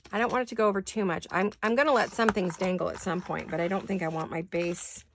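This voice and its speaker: An older woman who is hoarse today, chatting casually while she crafts in her home studio and thinking aloud in wandering asides. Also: lowish voice, steady tone, quick pace, background noise. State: hoarse, deep voice. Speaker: craft vlogger.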